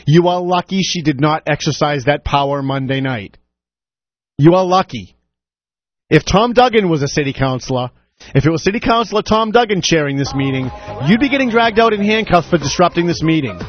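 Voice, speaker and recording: Indignant high-voiced male radio host. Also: dry recording, lo-fi sound. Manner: indignant, combative, mocking. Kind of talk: opinionated radio commentary.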